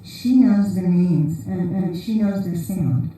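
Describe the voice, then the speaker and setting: A woman preaches an informal conference sermon in a large church hall, drifting through funny, rambling tales. Her voice is on the low side and mellow, and she takes her time. The sound is distant and very echoey.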